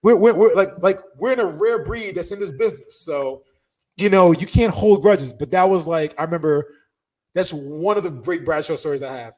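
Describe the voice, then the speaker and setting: A man with a fairly high voice tells a wild story as an interview guest. He swears freely, laughs often, and acts out everyone involved with loud, excited shouts. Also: normal speed, rough recording. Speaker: interview guest, former wrestler. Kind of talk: animated storytelling.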